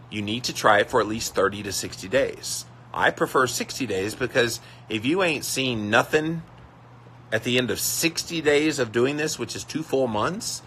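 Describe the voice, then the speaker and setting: Male live-stream host, lower voice with a bright forceful edge, chatty and reactive. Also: slight background noise. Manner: conversational, reads out comments and reacts with mock voices. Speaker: health podcaster hosting a live stream. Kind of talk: casual live-stream chat answering viewer comments.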